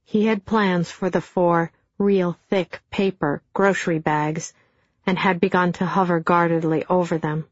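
A middle-aged woman narrating an audiobook in a dry, deadpan storytelling manner. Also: lowish voice, unhurried, no echo. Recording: dull, dry studio sound.

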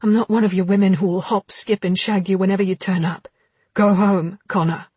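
A woman voicing a fiery young woman in an audiobook, snapping out sharp, indignant outbursts in a husky voice. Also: mid-range voice, moderate pace, dry recording. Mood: angry.

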